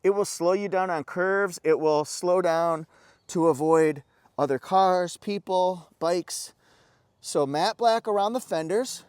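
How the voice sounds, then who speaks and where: A man's voice: sits high, slow, darkish tone, clear, resonant tone, no echo, clean studio sound. A man giving an enthusiastic, chatty car walkaround review outdoors, breaking into little exclamations.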